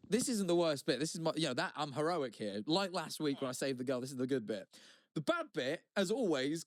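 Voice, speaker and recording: A man with a slightly high voice tells a story in animated, rambling casual chat, full of swearing and quick restarts. The sound is close and dry, with no room around it. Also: no echo. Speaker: podcast co-host.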